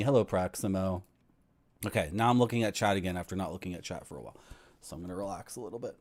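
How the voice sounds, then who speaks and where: A man's voice: low-pitched, fast. A man streaming a game, ranting casually and reading the game's text aloud. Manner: ranting, lively.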